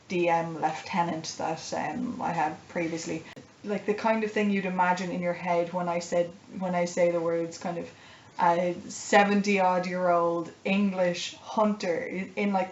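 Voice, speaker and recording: A woman's voice: fairly low pitch, a little mellow. A young woman, a game master, chatting enthusiastically about her game. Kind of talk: casual chat. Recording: echoey room, dull lo-fi audio with faint noise.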